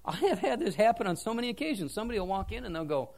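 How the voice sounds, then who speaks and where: A man preaching from the pulpit of a church, his pitch swinging widely as he moves from punchlines to solemn points. He talks with a lively, self-deprecating storyteller's manner. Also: very fast, creaky, few pauses. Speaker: pastor. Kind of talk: sermon.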